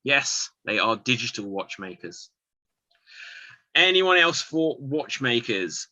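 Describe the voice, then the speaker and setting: Man, improv host, very bright voice, slow pace, playful drawn-out calls, dull lo-fi call audio. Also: medium pitch, sing-song, no echo. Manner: drawn-out, playful calling on players. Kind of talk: hosting an online improv game.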